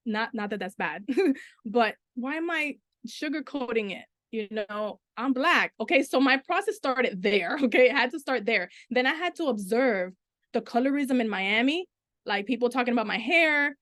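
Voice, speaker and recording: A middle-aged woman from the Dominican Republic, a Spanish teacher speaking on a panel and telling her story with lively quoted dialogue. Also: a little high, normal speed, no room sound, studio quality. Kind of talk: panel discussion.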